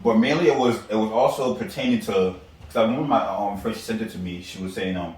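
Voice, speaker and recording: A man's voice: on the low side, darkish tone, very echoey, recorded from a distance, poor audio. A man co-hosting a podcast, rambling in casual chat and filling his talk with "like". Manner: rapid, rambling, lots of likes. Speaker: podcast co-host.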